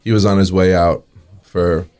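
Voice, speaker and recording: Deep-voiced New man telling stories. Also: flat delivery, normal speed, a little mellow, smooth. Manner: acts out quoted dialogue in anecdotes, chuckles often. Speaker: restaurant owner, interview guest. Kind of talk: casual storytelling in an interview.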